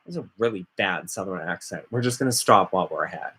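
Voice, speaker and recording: A man's voice: low-pitched, quick pace, bright, forceful tone, breathy edge. A man vlogging casually, rambling and sarcastic as he rants. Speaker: witchcraft vlogger. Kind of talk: casual ranting vlog.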